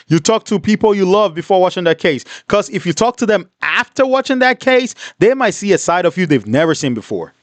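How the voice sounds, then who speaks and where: A man hosting a livestream, reading comments and telling a story in an animated, repetitive, indignant way. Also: a little high, dry recording. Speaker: livestream host.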